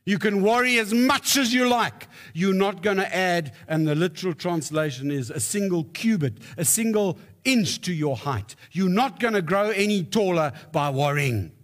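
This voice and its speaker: A man's voice: sits high, animated, moderate pace, few pauses, fairly bright tone. A man preaching a sermon, telling stories with emphatic rises. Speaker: pastor.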